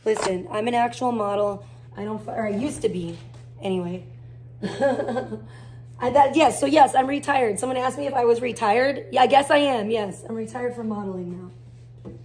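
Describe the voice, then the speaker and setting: A woman's voice: fairly high pitch, normal speed, a little hiss or hum. Swearing, rambling woman streamer. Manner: heavy swearing, rambling and animated. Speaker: livestream host. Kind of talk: casual livestream chat. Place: garage at home.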